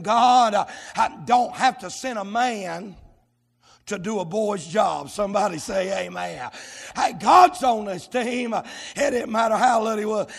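A man preaches at full cry, his high voice ringing off the walls of a large sanctuary with a long, trailing echo. He chants in drawn-out shouted bursts, gasping "uh" between each phrase. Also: vocal fry. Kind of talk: shouted revival sermon. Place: church sanctuary.

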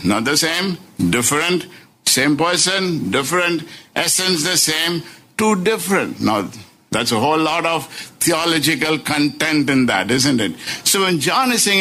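A man preaching a sermon, stressing key phrases slowly and repeating them, often tagging on "isn't it?". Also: on the high side, bright, forceful tone. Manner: slow, deliberate emphasis with rising and falling stresses; repeats key phrases and adds tag questions.

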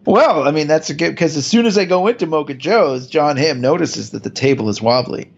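Gravelly-voiced man recapping a sitcom episode. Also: on the high side, expressive, muffled recording. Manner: laughs often, retells scenes in quick put-on quotes. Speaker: podcast co-host. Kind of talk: casual episode recap chat.

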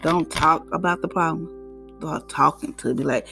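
Middle-aged woman podcaster preaching faith and hustle, gravelly edge, soft guitar behind her. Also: low-pitched, moderate pace. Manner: preachy, animated, emphatic. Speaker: podcast host. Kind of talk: faith-based motivational talk.

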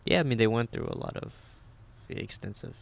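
A young man chatting casually with friends, calm and brief in his answers. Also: mid-range voice, brisk, gravelly. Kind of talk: casual podcast chat.

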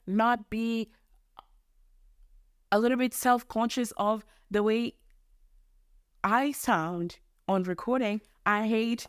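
A woman's voice: on the high side, dry recording, studio quality. Rambling young woman podcaster from Mozambique. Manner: rambling, self-deprecating, swears casually. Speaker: podcast host. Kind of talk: casual solo podcast rant. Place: her bedroom.

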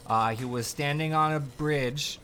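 A man with a fairly high voice plays an emergency dispatcher in a comedy interview. He answers in a gruff, grumbling, deadpan way and turns crude without warning. A faint noise sits behind him. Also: a little slow.

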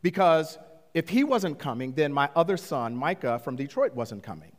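A middle-aged man preaching with a slightly high voice and animated storytelling. His words ring out with a long reverb. He sounds like he is in a big hall. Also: normal speed. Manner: animated, rising to excited high-pitched retellings. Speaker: pastor. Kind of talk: sermon storytelling.

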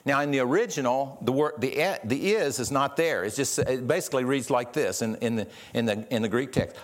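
A man delivering a sermon at an ordinary middle pitch. He preaches earnestly, often restarting phrases and repeating words as he builds his point. He poses rhetorical questions to his listeners. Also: brisk, hardly any pauses. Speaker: pastor.

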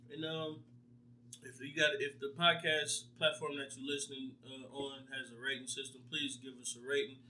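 Laid-back bright-voiced podcast host. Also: male voice, mid-range voice, little pitch movement, normal speed, distant mic. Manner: laid-back, slangy, rambling storytelling. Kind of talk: casual chat.

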